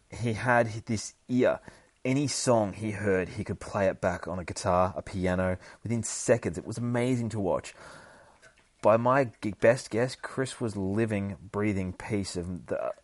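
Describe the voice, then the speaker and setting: A grieving young man delivers a eulogy in a slow, reflective read, as a man reads the comic aloud. The voice sits low and close, in a dead, dry space. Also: no room sound.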